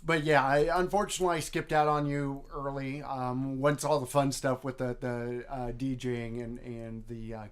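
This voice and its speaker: A man's voice: mid-range voice, level tone, normal speed, hardly any pauses, clear, resonant tone. A man co-hosting a web show about clowns, chatting casually with dry, wry, self-mocking humor. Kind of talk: casual banter.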